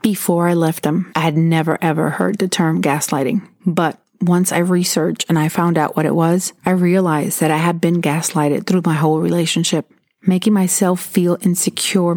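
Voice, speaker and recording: A woman's voice: on the low side, flat delivery, normal speed, a little mellow, no room sound, clean studio sound. A woman talking earnestly and candidly, sharing her own experiences as advice. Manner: earnest and candid, recounting personal stories. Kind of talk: personal advice talk.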